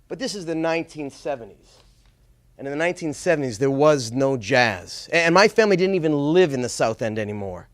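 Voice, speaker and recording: A middle-aged man from Boston telling a personal story on stage, expressive with small stammers. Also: on the high side, brisk, no room sound.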